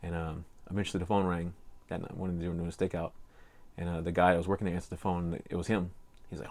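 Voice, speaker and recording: A man's voice: low voice, little pitch movement, quick pace, a little mellow. An older man with a Cajun accent, co-hosting a casual podcast and telling a rambling story full of fillers. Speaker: podcast co-host. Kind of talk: casual chat.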